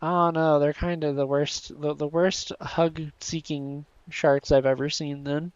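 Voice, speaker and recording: Streamer, male, unhurried and playful, sleepy edge, dry muffled home mic. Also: fairly high pitch, little pitch movement, clear, resonant tone, no echo. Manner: playful, sleepy, talks to chat and creatures. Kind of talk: casual gameplay commentary.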